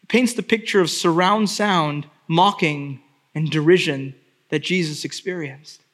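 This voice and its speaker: A man's voice: high voice, a bit bright. A man pastor preaching a sermon with emphatic repeated refrains.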